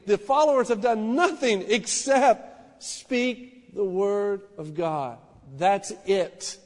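A man preaching a sermon in a small church, impassioned, swinging from hushed to loud. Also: high-pitched, slow, long reverb tail. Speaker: pastor.

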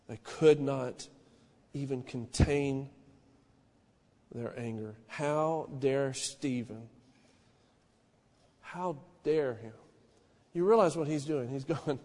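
A man preaching a sermon in a small church, impassioned, swinging from hushed to loud. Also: mid-range voice, takes it slowly, pauses often, in a large hall. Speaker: pastor.

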